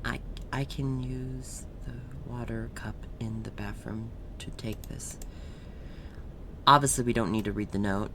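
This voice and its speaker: A man doing let's play commentary, emotional, dropping to hushed whispers and rising to loud cheers. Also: mid-range voice, fairly even intonation, a little slow, noisy background. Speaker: game streamer.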